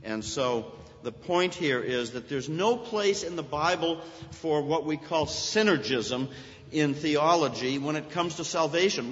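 A man's voice: fairly high pitch, expressive, measured pace. Earnest man preaching in echoing church. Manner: earnest expository preaching, rising emphasis on key points. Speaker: pastor. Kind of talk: sermon. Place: church sanctuary. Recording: dull sound with long church reverb.

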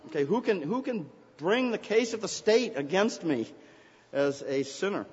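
A man's voice: a little high, expressive, normal speed, darkish tone. Preaching man in an echoing hall. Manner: earnest, rising to emphatic scripture readings. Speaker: pastor. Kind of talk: sermon. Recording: dull recording in a reverberant hall.

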